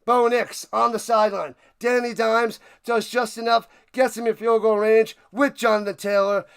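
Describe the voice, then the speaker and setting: A man hosting a live-stream watch party, excitedly calling a football finish, hoarse and out of breath as he loses his voice. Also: high voice, moderate pace. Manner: hyped, shouting, repeats phrases.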